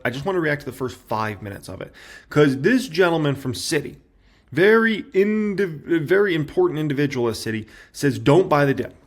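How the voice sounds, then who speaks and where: Man, 30s, investing show host, gravelly, animated, casual to-camera commentary. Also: mid-range voice. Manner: animated, talks straight to viewers.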